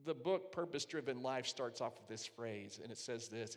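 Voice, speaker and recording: A man preaching a sermon as pastor, earnest and emphatic, dropping to a hushed voice when he quotes prayers. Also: medium pitch, expressive, normal speed, big-room sound.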